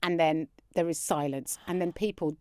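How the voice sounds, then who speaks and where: A woman comedian as a podcast guest, telling a candid story with lively delivery, swearing freely and acting out other people's voices. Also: sits low, normal speed, clear, resonant tone, no echo. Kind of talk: animated anecdote telling.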